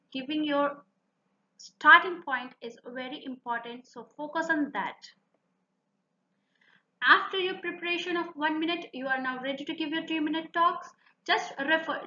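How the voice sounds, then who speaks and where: A woman's voice: sits high, bright, forceful tone, slight background noise. A woman with an Indian English accent teaching exam speaking tips in an earnest way, repeating her advice for emphasis. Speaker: IELTS speaking tutor. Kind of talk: instructional video lesson. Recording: echoey room, slightly dull sound.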